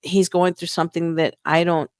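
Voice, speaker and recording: An older woman, a podcast host, asking slow, deliberate questions in a frank, folksy way. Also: on the low side, little pitch movement, clean tone, dry recording, clean studio sound. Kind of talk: conversational interview.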